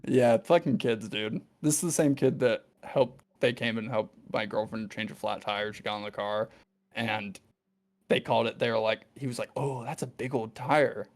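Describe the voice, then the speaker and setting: A man's voice: on the low side, fairly even intonation, moderate pace, a little mellow. A man hosting a podcast, telling rambling, profane stories in casual chat and laughing often. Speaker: podcast host.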